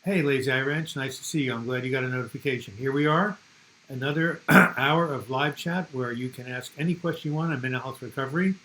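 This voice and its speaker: A man's voice: medium pitch, a little fast, very noisy. Chatty older American man hosting. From United States. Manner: chatty, rambling, reads viewer comments aloud. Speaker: live chat host. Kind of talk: casual live-stream chat.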